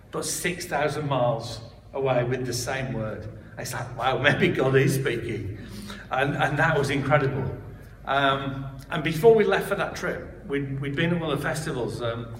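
A man's voice: medium pitch, a little hiss or hum. A man giving a personal testimony, told in a conversational way with frequent restarts and asides. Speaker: church member giving testimony. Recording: roomy hall, speaker far from mic.

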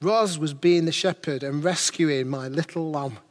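Earnest preacher in reverb. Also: male voice, fairly high pitch, unhurried. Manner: earnest, preaching in rhetorical questions. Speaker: pastor. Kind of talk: sermon.

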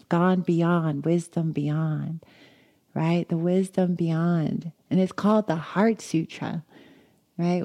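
A woman giving a dharma talk, telling a personal story in an animated way and acting out her own thoughts with laughter. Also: fairly low pitch. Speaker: meditation teacher.

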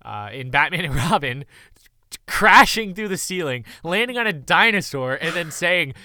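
A man in casual conversation about a movie, animated and quick to laugh. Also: on the high side, dry recording, studio quality.

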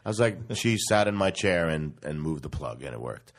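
A very low-voiced man, a comedian spinning a casual, profane anecdote. He slips into the other people in the story as he tells it, voicing both sides of every exchange. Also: very animated, a little fast. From New York.

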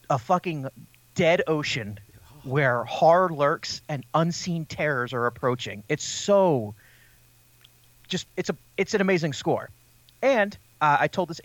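Podcast co-host, male, slightly high voice, dry close mic; animated, rambling storyteller. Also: no echo. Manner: rambling, animated anecdote-telling with laughter. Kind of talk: casual chat.

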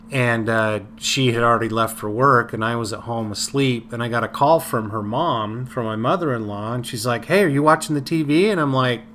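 A man telling a personal memory in a casual podcast chat, halting with many fillers and restarts. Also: medium pitch, a bit bright, a little hiss or hum. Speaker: podcast co-host. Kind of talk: casual conversational storytelling.

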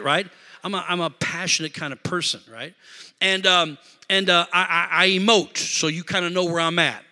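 A middle-aged man preaching a sermon in a church, telling a story in an animated, emotional way and talking straight to the congregation. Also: high-pitched, normal speed. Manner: animated, emotional, talks to congregation with "y'all" and "amen". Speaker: pastor. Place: church sanctuary.

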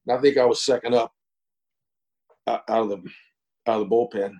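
Mellow-voiced storyteller. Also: male voice, mid-range voice, fairly even intonation, dull audio. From East Texas. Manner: unhurried, folksy yarn-spinner with frequent fillers and chuckles. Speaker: guest, former pro baseball pitcher. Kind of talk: casual storytelling interview.

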